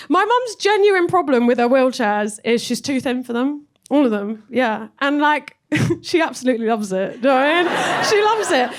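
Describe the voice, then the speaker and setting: A young woman from Cornwall, doing a stand-up set full of chatty, self-deprecating asides. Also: high-pitched. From Cornwall, England. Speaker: stand-up comedian.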